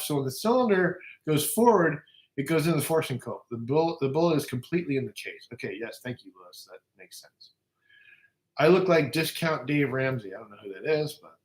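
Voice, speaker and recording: A man chatting casually on a livestream as a guest, profane, rambling and joking as he reads comments. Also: mid-range voice. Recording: echoey room.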